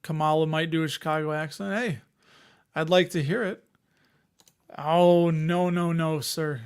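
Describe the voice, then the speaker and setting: A man's voice: fairly high pitch, fairly even intonation, unhurried, pauses often, clean tone. A man hosting an investing live stream, chatting casually and rambling as he answers viewers' comments. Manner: rambling, conversational, reads chat comments aloud.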